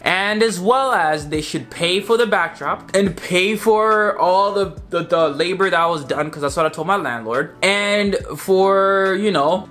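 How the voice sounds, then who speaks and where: A young man telling a story in a casual vlog, animated and exasperated, swearing freely. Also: high voice. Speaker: photographer and vlogger.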